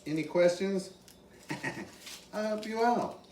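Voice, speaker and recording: An animated man walks viewers through a recipe at an unhurried pace, his higher voice leaping around as he exclaims over each step. He sits well away from the camera, so the sound is roomy and echoey, with a faint wash of ambient noise behind him. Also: far from the mic. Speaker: cooking video host. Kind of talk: casual cooking demonstration.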